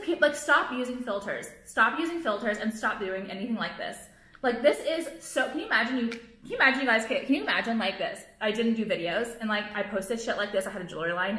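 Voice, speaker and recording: Speaking to a camera rather than a phone, a young woman with a jewelry line vents in a pushed, bright voice of medium pitch. Expect rambling, constant "like," blunt remarks, and profanity, with the echo of the room around her.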